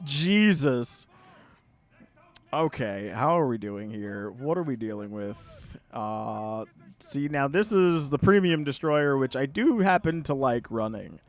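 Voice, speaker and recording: A man from Long Island with a Long Island New York accent, hosting a live gameplay stream in casual commentary, chatty and quick to laugh and swear. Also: mid-range voice, lively intonation. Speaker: game streamer host.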